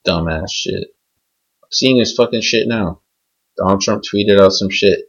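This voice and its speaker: A man's voice: low voice, steady tone, measured pace, dull audio. A young man hosting a podcast, ranting angrily and unscripted, swearing heavily and rambling from point to point. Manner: furious, profane, rambling. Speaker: podcast host. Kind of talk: angry unscripted podcast rant.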